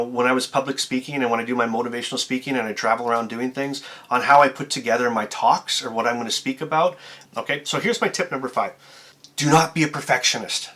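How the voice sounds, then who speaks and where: Energetic man with a bright, forceful voice. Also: mid-range voice. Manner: energetic, amped-up, emphatic; conversational, with filler words and restarts. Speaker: YouTuber and motivational speaker. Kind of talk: to-camera tips video.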